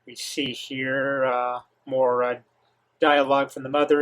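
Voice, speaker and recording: Slow, halting man reading a comic. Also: mid-range voice, little pitch movement, a bit bright. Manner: halting, filler-heavy, enthusiastic asides. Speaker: comic reaction host.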